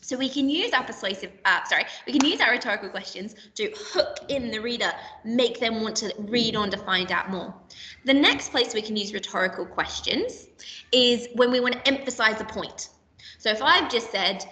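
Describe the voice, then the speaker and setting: A woman teaching a recorded primary school literacy lesson, explaining clearly and patiently and slipping into playful example voices. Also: on the high side, normal speed, pushed and bright, distant mic. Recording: echoey room, voice a bit off-mic.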